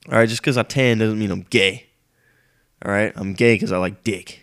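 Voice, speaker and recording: A sick, sniffling young man hosting a solo rant. His voice sits somewhat low, and he rambles and gripes with constant swearing. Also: fairly even intonation, moderate pace, vocal fry, a bit bright. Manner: profane, griping, rambling. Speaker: podcast host.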